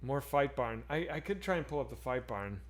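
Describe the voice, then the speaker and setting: A man's voice: medium pitch, animated, a little fast. A man co-hosting a casual livestream chat, loose and laughing, swearing freely. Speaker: streamer co-host.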